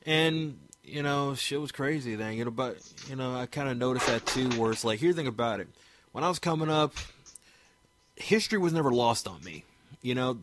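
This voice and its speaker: Man from Maryland, relaxed swearing chat, dry room, plenty of "you know". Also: medium pitch, dry recording. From Maryland, USA. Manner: laid-back, profane, peppers talk with "you know". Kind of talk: casual chat.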